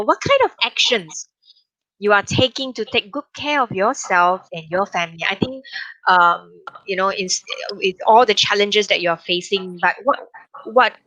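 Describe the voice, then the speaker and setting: A woman's voice: medium pitch, bright, forceful tone, no echo, rough recording. A woman moderating a panel discussion, summing up and asking questions with many fillers. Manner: supportive, frequent backchannel, hesitant fillers.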